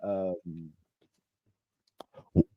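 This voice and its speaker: A man's voice: extremely slow, no echo, phone-quality sound. A man hosting a casual interview chat over a video call, gushing with thanks and enthusiasm. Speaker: podcast host.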